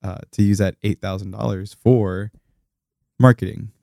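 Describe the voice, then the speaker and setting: Low, mellow man searching for words. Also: steady tone, moderate pace, gravelly, dry recording, clean studio sound. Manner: hesitant, searching for words with many fillers. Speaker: podcast co-host. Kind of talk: casual movie discussion.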